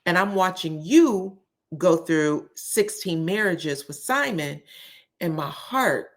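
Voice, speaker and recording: A woman's voice: on the low side, lively intonation, slow pace. Chatty woman recapping reality TV. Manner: chatty and opinionated, addresses viewers as "y'all". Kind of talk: casual recap vlog.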